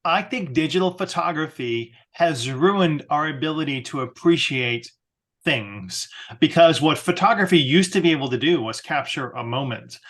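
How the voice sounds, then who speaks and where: A man's voice: a little high, lively intonation, normal speed, fairly bright tone. Earnest man asking questions on a podcast. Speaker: podcast co-host. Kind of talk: casual podcast chat.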